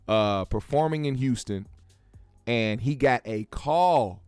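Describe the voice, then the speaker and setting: A man's voice: medium pitch, slow pace, darkish tone, clean tone, no room sound, faint music behind. A man hosting a show, giving laid-back, joking commentary full of profanity. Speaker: show host. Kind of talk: casual commentary.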